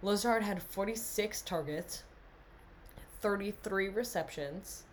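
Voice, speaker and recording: A woman's voice: mid-range voice, slow pace, a little hiss or hum. A young woman hosting a casual, tipsy sports podcast, rambling, laughing and reading off stats. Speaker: podcast co-host.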